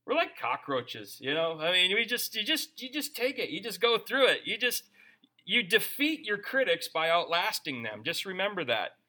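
Male preacher, conversational sermon delivery, high voice with a piercing brightness. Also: moderate pace. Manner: animated, conversational preaching with humor. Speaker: pastor.

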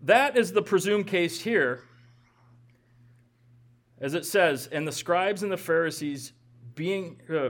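A man with a rather high voice teaches through a scripture passage verse by verse. He lectures with firm emphasis and now and then drops a dry, joking aside. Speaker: Bible teacher.

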